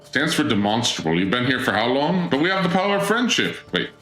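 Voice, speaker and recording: A man's voice: medium pitch, sing-song, a little fast, fairly bright tone. A man hosting a live gameplay stream, bantering playfully with chat and playing up a mock-grand persona. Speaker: streamer, channel host. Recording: roomy echo with game music underneath.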